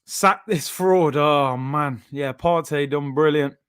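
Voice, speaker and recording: A man, hosting a live football watchalong with frustrated, animated outbursts at the play. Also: fairly high pitch, slow pace, smooth. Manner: frustrated, animated fan reactions, loud outbursts. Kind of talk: live match watchalong reaction.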